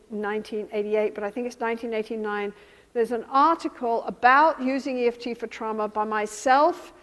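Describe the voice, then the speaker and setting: A woman teaching a room of therapists in a calm, measured way, her voice sitting fairly high. She slows and softens as she models how to soothe a client. The sound rings with a long reverb, as in a lecture hall. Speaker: therapy trainer. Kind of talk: teaching lecture with role-played therapy examples.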